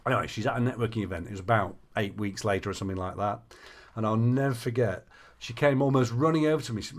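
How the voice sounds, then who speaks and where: A man's voice: fairly low pitch, fast. A man who works as a coach, telling stories and giving advice in conversation, acting out the dialogue he quotes. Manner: animated storyteller, acts out quoted dialogue.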